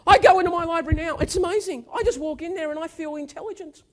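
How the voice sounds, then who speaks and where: A man's voice: very high voice, quick pace, hardly any pauses. A man giving a motivational keynote speech on stage, telling stories with energy and emphasis. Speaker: keynote speaker. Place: stage at a live event.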